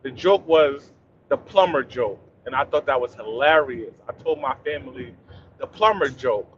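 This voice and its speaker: A man in his thirties, a panelist in casual chat, speaking calmly and softly with many fillers, on dull lo-fi audio. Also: medium pitch, normal speed, slight background noise. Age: 30s. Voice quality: soft-spoken, calm, many fillers.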